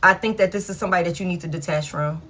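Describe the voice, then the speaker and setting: A woman's voice: lowish voice, very fast, bright, forceful tone. A woman giving a casual live tarot reading, blunt and frank, swearing freely and repeating herself for emphasis. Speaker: tarot reader.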